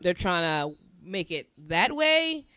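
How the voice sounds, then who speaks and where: Woman podcast co-host, middle-aged. Bright and lively, slangy and profane. Dry, close sound. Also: on the low side, slow pace, clean tone, no room sound. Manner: animated, laughing, slangy and profane. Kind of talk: casual chat.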